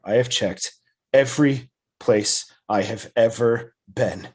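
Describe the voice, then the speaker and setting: A man's voice: mid-range voice, takes it slowly, darkish tone, slightly rough. A man voicing an ancient, grieving male figure who swears in bitter anguish. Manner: sobbing, bitter, cursing. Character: grieving ancient male elf, raw and angry.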